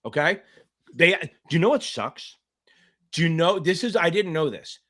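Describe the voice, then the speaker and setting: Expressive and fairly high-pitched, with a fairly bright tone, a middle-aged man speaks at a normal pace. Coaching exam candidates in a live Q&A stream, he's provocative, blunt and profane, with frequent rambling digressions.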